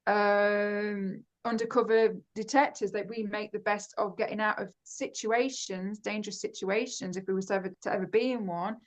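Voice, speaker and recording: Fast-talking woman, halting with fillers. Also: mid-range voice, steady tone. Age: adult with grown children. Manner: talks fast, with many fillers and restarts. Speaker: guest. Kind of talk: casual conversation about personal experiences.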